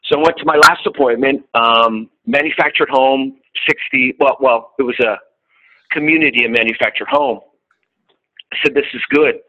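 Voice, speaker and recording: Middle-aged male salesman, bright forward tone, candid and profane storyteller, lo-fi muffled radio audio. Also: medium pitch, normal speed. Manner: candid and profane, acting out both sides of conversations. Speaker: insurance salesman. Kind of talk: casual storytelling to a group.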